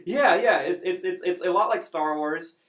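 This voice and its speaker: A man chatting casually as a reviewer, animated and emotional, with many fillers. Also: high-pitched, normal speed, reverberant.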